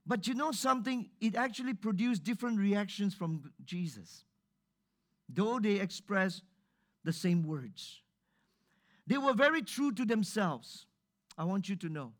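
A male pastor with a high, bright voice delivering a sermon. He drives his points home by repeating them and keeps asking his listeners to answer back and agree. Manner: call-and-response, emphatic repetition.

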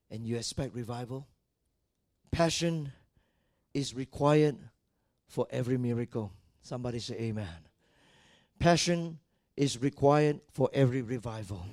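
A male pastor preaching a dramatic sermon, swinging from quiet asides to loud shouts and acting out the people in his stories. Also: fairly high pitch, no room sound, studio quality. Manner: acts out the people in his stories in different voices.

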